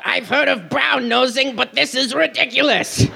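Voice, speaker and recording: Snarky sidekick parrot, high and cracking jokes, by a man. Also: normal speed, vocal fry, noisy background, heavily acted. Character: wisecracking sidekick parrot, male.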